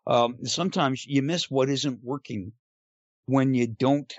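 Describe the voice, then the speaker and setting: A man in casual podcast talk, stopping often for ums and uhs as he works through his points. His pitch is ordinary. The recording is dry and slightly muffled. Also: a little slow, dry recording. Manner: hesitant, many "um" and "uh". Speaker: podcast co-host.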